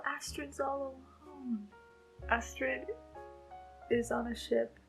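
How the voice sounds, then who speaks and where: Woman vlogging about a book she's reading, kinda gravelly voice, a bit high, gets emotional and gushy, faint music behind. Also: rough recording. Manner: emotional, gushing, thinking aloud. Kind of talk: casual book readalong reactions.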